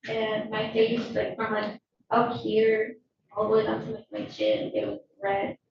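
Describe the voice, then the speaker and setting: A woman giving shaken, halting testimony as a witness in a courtroom. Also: a little high, sing-song, background noise. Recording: echoey, distant, dull courtroom audio.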